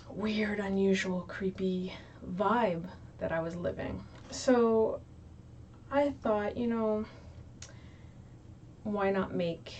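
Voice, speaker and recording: A woman's voice: on the low side, darkish tone, muffled recording, a little hiss or hum. A young woman chatting casually to her viewers, filling her talk with ums and likes, recorded in a small room. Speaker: YouTube creator. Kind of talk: casual chat to camera. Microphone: low, distant mic. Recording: distant mic in small room.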